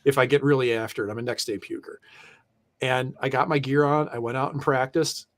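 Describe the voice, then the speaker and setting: A man's voice: mid-range voice, fairly even intonation, a little fast. A middle-aged man, a former pro goalie, telling loose, profane stories in casual chat and laughing through them. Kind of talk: casual storytelling.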